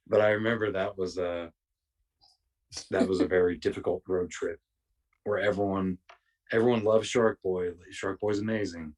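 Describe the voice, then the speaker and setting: Husky low-voiced man telling stories. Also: darkish tone, recorded from a distance. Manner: rambling, profane anecdotes with many restarts. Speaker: podcast guest. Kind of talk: casual storytelling.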